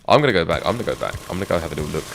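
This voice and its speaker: A man's voice: sits low, very animated, very fast, creaky, background noise. A middle-aged man with an English accent, chatting casually with his live-stream audience while he plays a game, reminiscing and laughing often.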